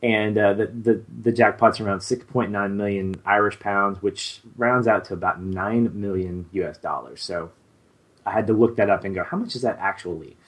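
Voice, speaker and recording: A man's voice: fairly low pitch, steady tone, moderate pace. A man in his thirties co-hosting a podcast, chatting casually and rambling with many fillers and restarts. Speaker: podcast co-host. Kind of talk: casual chat.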